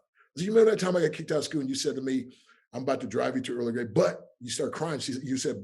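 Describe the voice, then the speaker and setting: Animated male storyteller, hushed to emphatic. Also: medium pitch, fast talker, creaky. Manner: acts out quoted voices in his stories. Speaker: podcast guest, coach. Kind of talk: emotional storytelling in an interview.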